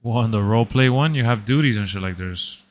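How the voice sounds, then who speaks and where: A young man with a slightly low voice, chatting easily during a game stream. His speech is loose and slangy, and he often says "bro". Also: fast talker, slight background noise. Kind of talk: casual chat.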